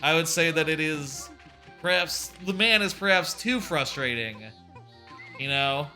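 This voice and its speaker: A man's voice: fairly high pitch, a little slow, soft background music. A man streaming a video game, chatting casually in a rambling way with lots of fillers and swearing, sometimes acting out quotes. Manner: rambling, swears, many fillers, animated quoting. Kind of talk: casual gameplay commentary.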